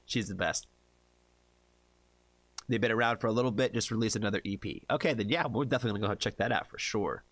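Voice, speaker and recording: A man's voice: fairly low pitch, quick pace, pauses often, a bit bright, dry recording. A man from the United States hosting a casual livestream, chatty, laughing often and tripping over hard names. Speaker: livestream reaction host.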